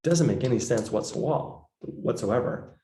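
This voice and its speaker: A man's voice: mid-range voice, expressive, moderate pace, warm tone, roomy sound. A man giving a casual psychology lecture, full of fillers, acting out quoted voices. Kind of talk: recorded lecture.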